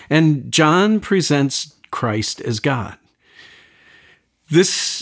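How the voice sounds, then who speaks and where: Man explaining scripture in conversation. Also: mid-range voice. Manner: animated storytelling with quoted voices, frequent restarts. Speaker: pastor. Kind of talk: conversational Bible teaching.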